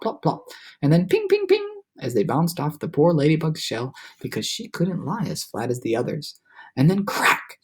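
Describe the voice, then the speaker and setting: A man reading a children's novel aloud with lively, animated storytelling. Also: on the high side, husky. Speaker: reader.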